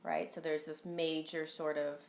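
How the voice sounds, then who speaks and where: A woman's voice: deep voice, little pitch movement, a little slow, reverberant. Earnest rambling woman on a live stream. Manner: earnest, rambling, frequent ums and "right?". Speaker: spiritual teacher hosting a live stream. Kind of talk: casual live-stream talk. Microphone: phone.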